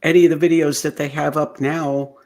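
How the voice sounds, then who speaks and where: A man's voice: a little high, level tone, fairly quick, darkish tone. A man co-hosting a casual chat, asking questions hesitantly with fillers like "um".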